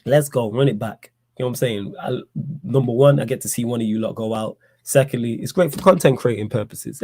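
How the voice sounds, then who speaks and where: A man hosts a laid-back football podcast. He talks straight to his viewers, teasing them and jumping up into loud, high-pitched challenges. His voice sits in a middle pitch, and the recording is dry and close. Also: fairly quick, no echo. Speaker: podcast host. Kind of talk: casual live-stream football chat.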